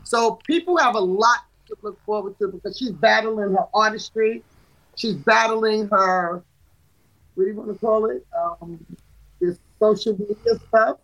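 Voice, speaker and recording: A woman's voice: medium pitch, unhurried, a bit bright, dull audio. A middle-aged woman, an artist manager and guest, talking in an emphatic way and repeating herself for stress in a casual podcast studio chat.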